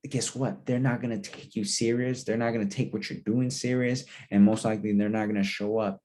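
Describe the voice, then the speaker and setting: A man with a low, mellow, relaxed voice runs a training lesson. He repeats key phrases and acts out both caller and relative in sample phone calls. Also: fairly quick. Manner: coaching, repetitive, acts out both sides of calls. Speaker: sales trainer. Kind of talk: instructional role-play of phone calls.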